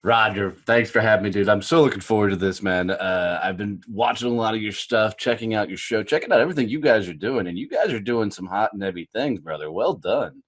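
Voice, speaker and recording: A man in his forties with a light Southern American twang, a guest talking in a folksy, energetic way in a casual podcast interview. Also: lowish voice, fast, hardly any pauses. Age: 40s. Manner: folksy, energetic, calls people dude and brother.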